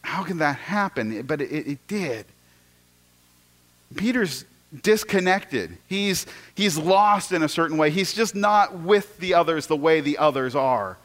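Animated preacher with a high-ish voice. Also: male voice, unhurried. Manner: storytelling, swings from loud excitement to hushed asides, repeats words. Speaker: pastor. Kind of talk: sermon.

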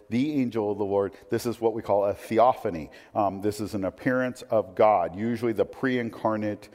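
A man's voice: normal speed, hardly any pauses, darkish tone. Man preaching in a reverberant hall. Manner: conversational teaching, rising emphatic when reading scripture, dropping low for asides. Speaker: pastor. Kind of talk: sermon.

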